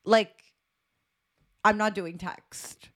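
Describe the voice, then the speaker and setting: A young woman co-hosting a casual chat podcast, teasing and quick with banter. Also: mid-range voice, steady tone. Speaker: podcast co-host.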